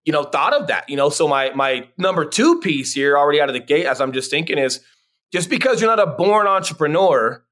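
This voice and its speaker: A man's voice: a little high, animated, brisk, a bit bright. A middle-aged man from Colorado, a real estate agent and podcast guest, telling his story in a laid-back way and often saying "man" and "dude". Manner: laid-back, says "man" and "dude" a lot, many fillers. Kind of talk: casual interview storytelling.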